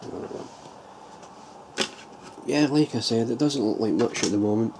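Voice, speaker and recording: In a casual show-and-tell vlog, a man presents the model trailer he built himself, thinking aloud and restarting loosely. His voice is medium-pitched at a normal speed, and background ambience noise is clearly audible.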